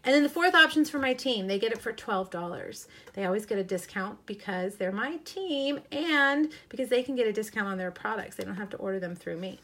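A woman's voice: mid-range voice, lively intonation, fairly quick, hardly any pauses, fairly bright tone. A middle-aged woman chatting casually on a live stream, showing crafts with enthusiastic asides and frequent ums.

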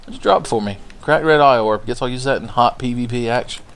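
A man's voice: medium pitch, a little fast, a bit bright, a little hiss or hum. A man giving casual, profane, sarcastic commentary while playing a video game. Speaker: gameplay commentator. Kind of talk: casual let's-play commentary.

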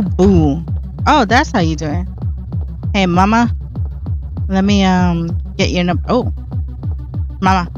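Woman gamer, chatty let's-play narration, dull lo-fi mic, faint game music behind. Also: on the low side. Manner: chatty, self-mocking, reacts aloud to the game. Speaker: gameplay streamer. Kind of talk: casual let's-play commentary.

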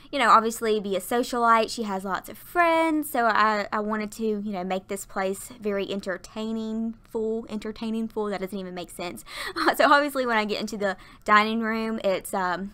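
Woman, 20s, bright tone, out of breath, chatty, casual voiceover, USB mic. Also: on the high side, clean tone. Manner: chatty and rambling, laughs often. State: tired and out of breath. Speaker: YouTuber narrating a Sims build. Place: workplace. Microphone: desktop USB mic.

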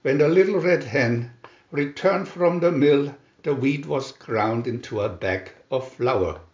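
Man reading a kids storybook slow and sing-songy, echoey room, dull lo-fi sound. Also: medium pitch, darkish tone. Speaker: storybook reader. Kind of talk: storybook read-aloud. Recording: roomy, dull lo-fi home recording.

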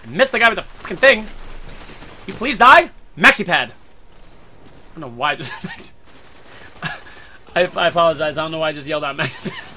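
A man's voice: a little high, huge pitch swings, moderate pace, pauses often, pushed and bright, slight background noise. A man hosting a gaming channel, giving casual gameplay commentary full of swearing and irritable rants.

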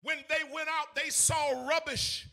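A preacher in his thirties with a very high, sharp, ringing voice. He delivers an emotional sermon in a sing-song cadence. He rises to shouts, then drops to hushed, near-tearful lines. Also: steady tone, unhurried, gravelly, soft background music. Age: 30s. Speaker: evangelist preacher.

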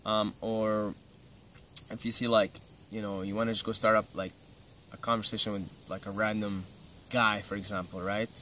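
A man's voice: on the low side, level tone, moderate pace, pushed and bright. A young man from Syria giving casual advice in a laid-back, rambling way, full of "you know" and "right". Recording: slightly distant mic, faint ambient noise.

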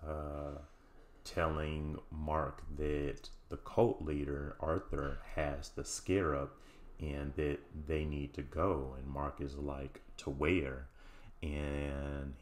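Very deep, flat-voiced man. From United States. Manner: halting, many ums and uhs and restarts. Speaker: show host reviewing a TV series. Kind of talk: casual recap and commentary.

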